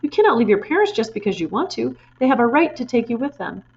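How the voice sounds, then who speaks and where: Woman voicing a gentle, soft-spoken teacher. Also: a little high, quick pace, vocal fry, lo-fi sound, voice pushed up. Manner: quiet, soft and calm. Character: kind gentle young schoolteacher woman. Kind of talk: storybook read-aloud.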